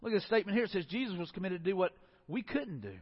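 Male pastor, earnest sermon delivery, high voice, dull sound with long reverb. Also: animated, very fast, slightly rough. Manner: earnest preaching, drops low and soft for emphasis. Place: church sanctuary.

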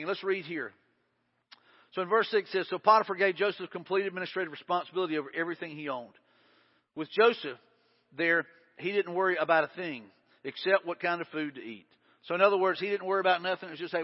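A high-pitched man preaches a sermon in a church, his voice carrying a long reverb through the big room. The sound is dull and muffled, and he talks in an earnest way, repeating words as he drives a point home. He comes across as a pastor speaking to his congregation.

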